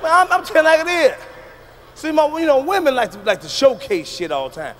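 A middle-aged man from the United States doing a loud, profane stand-up comedy routine on stage, telling punchy stories. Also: very high voice, sing-song, fairly quick. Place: stage before a live audience.

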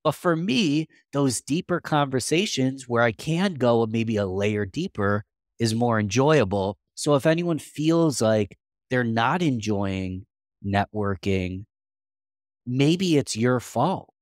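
A man's voice: medium pitch, animated, slow, no echo, clean studio sound. A man guest on a podcast interview, answering in an earnest, practical way and thinking aloud.

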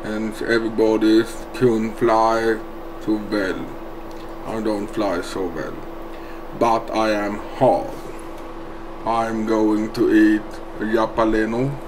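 A man with a Swedish accent speaking deadpan, broken English, boasting over and over in a played online video. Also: on the low side, slow pace, background noise. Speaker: YouTuber in a played clip.

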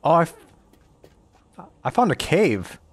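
A man's voice: on the high side, very animated, measured pace, breathy edge. A man joining a multiplayer game session, chatting casually with dry, sarcastic quips. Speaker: co-player.

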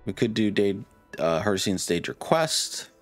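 A man's voice: lowish voice, sing-song, measured pace, soft background music. A tired man hosting a let's-play, thinking aloud hesitantly with many fillers. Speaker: gaming channel host. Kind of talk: casual let's-play commentary.

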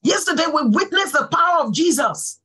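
A woman pastor giving a sermon, fervent and full of praise exclamations, swinging from soft talk to calling out. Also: high voice, lively intonation, moderate pace, rough recording.

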